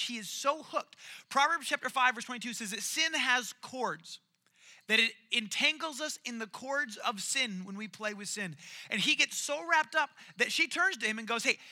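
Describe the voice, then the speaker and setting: High-voiced, jokey male preacher. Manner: animated, jokey storytelling with acted quotes. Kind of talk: sermon retelling a story.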